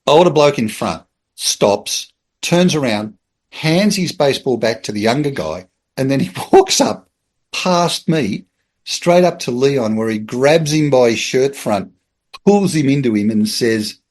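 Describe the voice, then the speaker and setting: A man's voice: medium pitch, measured pace. A middle-aged Australian man, a former police officer, telling a casual anecdote as a podcast guest, acting out the voices in his story and laughing as he goes. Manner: lively storyteller who acts out voices and laughs mid-sentence.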